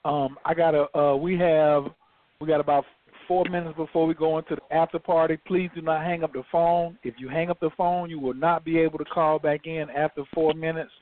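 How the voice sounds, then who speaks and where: A man's voice: a little high, steady tone, fairly quick. A man hosting a call-in show, plainly announcing instructions and repeating the call-in number. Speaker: host. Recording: tinny phone line.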